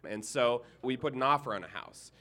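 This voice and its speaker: Bright-voiced man telling a funny story. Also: medium pitch, fairly quick. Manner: animated, humorous, acts out characters. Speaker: minister. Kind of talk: personal storytelling.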